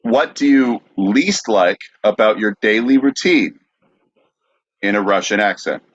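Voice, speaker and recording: A man hosting a podcast, asking questions in a steady, matter-of-fact way. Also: on the low side, a little slow, no echo, highs cut off. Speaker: podcast host.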